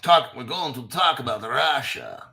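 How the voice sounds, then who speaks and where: A man's voice: medium pitch, lively intonation, unhurried, gravelly, sharp tone. A man hosting a live crypto show, talking casually and profanely, and bantering with himself as he reads articles. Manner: profane, talks back to himself.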